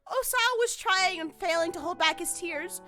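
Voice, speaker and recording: A high-voiced woman streamer narrates a visual novel and breaks into emotional exclamations. Her tone is bright and sharp, and faint game music plays under her voice. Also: normal speed. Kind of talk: let's play reading and reacting.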